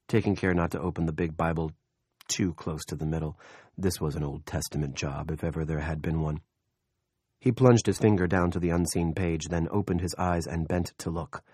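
Deep voiced guy reading a novel aloud, steady and measured, dry close sound. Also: breathy edge, no echo. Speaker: audiobook narrator. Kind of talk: scripted narration.

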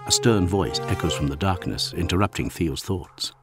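A male narrator with a deep, low voice reads a grim science-fiction tale in a hushed, dramatic manner, sometimes sinking almost to a whisper. Clear music plays behind him throughout. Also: moderate pace. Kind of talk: scripted audiobook narration.

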